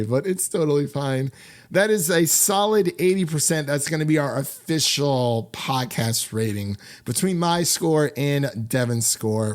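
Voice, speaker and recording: Laughing, rambling male podcast host. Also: medium pitch. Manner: rambling, laughs often, lively sign-offs. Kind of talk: casual podcast chat.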